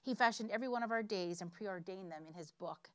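A woman's voice: mid-range voice, fast, fairly bright tone, dry recording, clean studio sound. A woman preaching a sermon in an earnest, emphatic way, reading scripture and telling personal stories.

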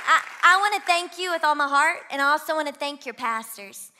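A young woman from Louisiana with a Southern twang, preaching an energetic sermon as guest pastor and urging the congregation to join in. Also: high voice, brisk, few pauses, noisy background. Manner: energetic, exhorts the crowd to shout along. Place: church auditorium.

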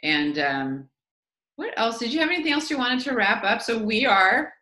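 A woman with a gravelly voice, co-hosting a podcast in casual, enthusiastic chat. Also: fairly high pitch, sing-song, normal speed, bright, forceful tone. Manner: chatty, enthusiastic. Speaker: podcast co-host.

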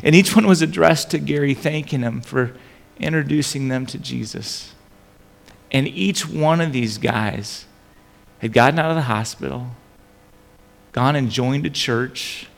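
A middle-aged man preaching a sermon as a pastor, telling stories animatedly with frequent restarts and a gravelly voice. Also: medium pitch, long reverb tail.

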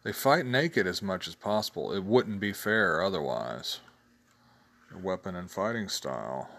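Man, lowish voice, casual solo commentary, chatty host, laughs at his own jokes. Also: expressive, a little slow, gravelly, background noise. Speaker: host reviewing tabletop game blogs.

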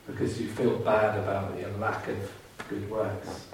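Earnest preacher in an echoey hall. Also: male voice, on the low side, little pitch movement, measured pace, darkish tone, slight background noise. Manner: earnest, fervent, mimics grumbling listeners. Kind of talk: sermon. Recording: very echoey hall, mic far off.

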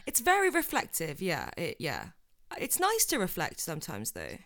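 This is a young woman hosting a casual podcast chat. She sits a touch low in pitch, but her voice leaps all over as she gushes. She is affectionate and quick to laugh with the friends she calls. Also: huge pitch swings, a bit bright. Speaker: podcast host.

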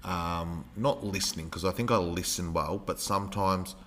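A man with a very deep voice hosts a casual podcast. He talks in a loose, rambling way and often stops to hunt for the right word. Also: moderate pace, a little hiss or hum. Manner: relaxed, rambling, searches for words. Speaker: podcast host, teacher.

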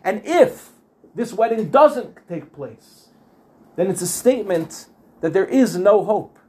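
A man's voice: sits high, expressive, slow pace, darkish tone. A man teaching a Torah class, telling the story earnestly and repeating phrases for emphasis.

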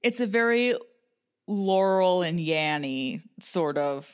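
A woman's voice: on the low side, lively intonation, slow pace, clean tone. A woman co-hosting a podcast, telling a story in a chatty, sarcastic way and swearing freely. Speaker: podcast co-host.

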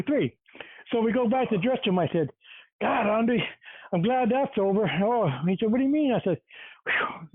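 An older man who once wrestled, telling a story in a relaxed casual chat. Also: high voice, dry recording. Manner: relaxed storyteller, frequent short replies. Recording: dry tinny phone-like line.

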